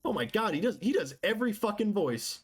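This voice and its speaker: A high, sing-song, slightly rough male voice moves along fairly quickly. It belongs to a gamer chatting casually on his live stream, full of joking, sarcastic, wandering remarks.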